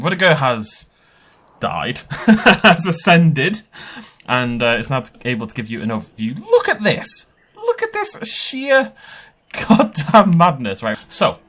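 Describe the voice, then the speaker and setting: Excitable man, lively voice. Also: mid-range voice, moderate pace. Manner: excitable, chatty, laughs often. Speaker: game park tour host. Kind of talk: casual gameplay commentary.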